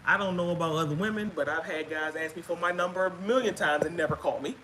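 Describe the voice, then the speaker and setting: A woman casually telling a personal story on a live stream, chatty and halting with fillers, acting out what others said. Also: lowish voice, fairly bright tone, a little hiss or hum, low-quality recording. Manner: chatty, halting with fillers, acts out quoted speech. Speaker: guest sharing her story.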